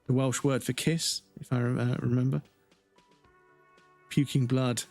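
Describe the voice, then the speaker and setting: A man's voice: medium pitch, little pitch movement, measured pace, darkish tone, soft background music. A man chatting casually while streaming a game, rambling and swearing freely.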